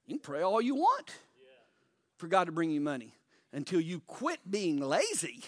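High-voiced preaching man, dry sound. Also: wildly swooping pitch, a bit bright, dry recording. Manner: preachy, asks the congregation pointed questions; pauses for emphasis. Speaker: pastor. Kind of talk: sermon.

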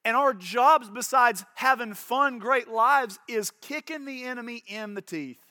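A man's voice: very high-pitched, a little slow, sharp tone, no room sound, clean studio sound. A man preaching a sermon as pastor, impassioned, repeating words and acting out little voices.

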